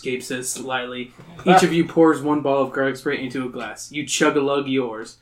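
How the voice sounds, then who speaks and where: A young man hosting a podcast, reading a gamebook aloud to friends, swearing and laughing, with animated voices for the characters. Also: mid-range voice, moderate pace. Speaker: podcast host.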